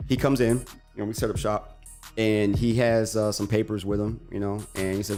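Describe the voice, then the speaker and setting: A man's voice: on the low side, fairly quick, soft background music. Man animatedly telling a story on radio. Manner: animated storyteller acting out quoted voices. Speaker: radio show co-host. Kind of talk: casual storytelling on talk radio.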